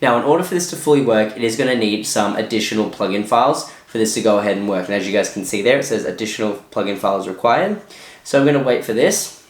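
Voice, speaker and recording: A man's voice: fairly low pitch, animated, fast talker. A man hosting a casual tutorial, talking loosely with lots of filler phrases. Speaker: tutorial host. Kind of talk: casual screen-recorded tutorial. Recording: echoey room.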